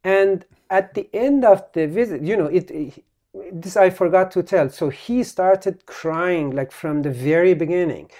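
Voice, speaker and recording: A male physician telling a story as a podcast guest, halting and full of restarts. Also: high voice, mellow. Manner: halting, with many restarts and trailing phrases.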